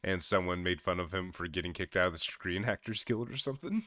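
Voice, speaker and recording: A man's voice: low-pitched, animated, quick pace, sharp tone, no echo. A man streaming casual reaction commentary, laughing and exclaiming in disbelief.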